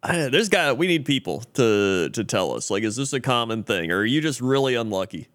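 A man co-hosting a podcast in relaxed, joking casual chat. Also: medium pitch, fairly quick, no room sound, clean studio sound. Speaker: podcast co-host.

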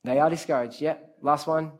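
A man's voice: a little high, fairly quick. A man giving an interactive sermon, speaking straight to his listeners, calling on them by name and repeating key phrases for emphasis. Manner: lively, talks straight to the crowd, calls on listeners by name. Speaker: preacher leading a youth group.

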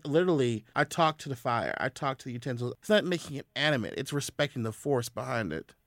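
Lively storyteller man. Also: mid-range voice, quick pace, dry recording, studio quality. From US South. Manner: animated storyteller. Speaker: guest. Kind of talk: casual podcast conversation.

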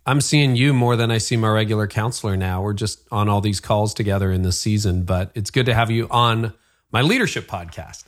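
Canadian guy hosting a podcast, kinda low voice, upbeat and chatty. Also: brisk. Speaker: podcast host. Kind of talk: conversational podcast hosting with read ads.

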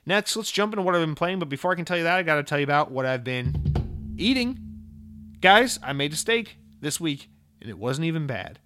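A young man hosting a casual gaming podcast, chatting in a rambling, excitable way with lots of swearing and restarts. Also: a little high, fairly quick, soft background music. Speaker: podcast host. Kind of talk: casual solo podcast chat.

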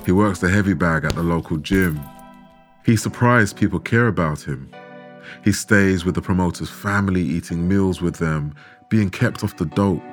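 A man telling a true story in measured, dramatic scripted narration, with rhetorical questions. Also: sits low. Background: background music.

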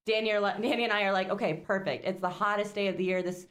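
A woman's voice: medium pitch, fairly even intonation, rapid-fire. A young woman co-hosting a podcast, telling a long road-trip story in casual chat, rambling with lots of fillers and laughs. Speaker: podcast co-host.

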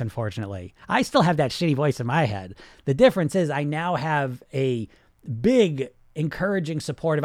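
A man hosting a podcast as a weight-loss hypnotist, giving a blunt, profane, rapid-fire motivational monologue. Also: fairly high pitch, darkish tone, no room sound, clean studio sound.

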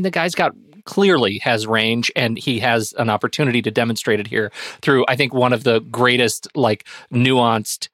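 Halting man hosting a film podcast. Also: mid-range voice, fairly bright tone, dry recording, studio quality. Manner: halting, many fillers and restarts. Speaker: podcast host. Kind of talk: casual film discussion.

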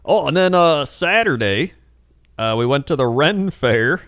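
A man's voice: a little high, expressive, unhurried, a bit bright, dry recording, clean studio sound. A young man chatting casually on a podcast, telling stories with laughs and acting out the people in them. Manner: laughing storyteller, acts out quoted people. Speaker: podcast co-host. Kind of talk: casual chat.

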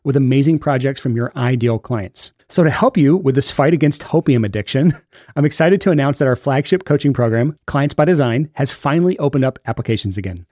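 An upbeat male podcast host talks straight into a close studio mic. The sound is dry and tight with no room behind it, and his pitch sits in an ordinary middle range. He moves easily between a polished ad read and relaxed banter. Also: dry recording. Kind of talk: casual podcast chat and read ad.

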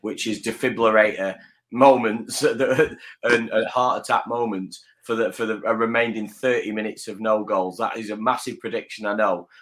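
A man's voice: fairly low pitch, fairly even intonation, moderate pace, fairly bright tone. A man on a football fan show, rambling in casual chat with self-mocking humor.

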